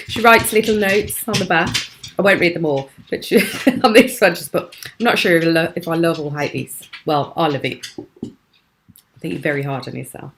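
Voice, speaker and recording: A British woman hosts a live craft show from her home, chatting with viewers and admiring their work. She laughs often. Her voice sits somewhat low for a woman, with a faint background hiss. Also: a little slow, pauses often, fairly bright tone. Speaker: craft channel host.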